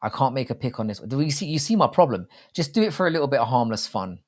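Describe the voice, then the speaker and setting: A man's voice: mid-range voice, big pitch swings, quick pace, a little mellow. Rambling, crude-humored male streamer. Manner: rambling, crude and jokey, with frequent restarts. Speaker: livestream host. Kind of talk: casual live-stream chat about fight betting.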